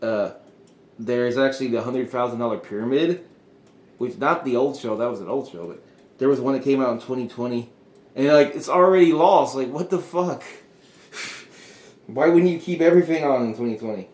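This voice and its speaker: A man's voice: medium pitch, moderate pace, long pauses, a little mellow, echoey room. A man hosting a casual solo show, rambling through his thoughts with frequent chuckles and trailing off. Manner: meandering, chuckling often, trailing off. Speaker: podcast host.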